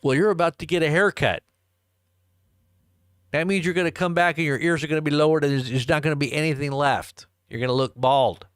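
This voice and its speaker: A man's voice: on the high side, fairly even intonation, a little fast, clear, resonant tone, no room sound, studio quality. A man hosting a live stream, rambling in a casual, joking way and chuckling as he answers chat. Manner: rambling, chuckling, jokey asides.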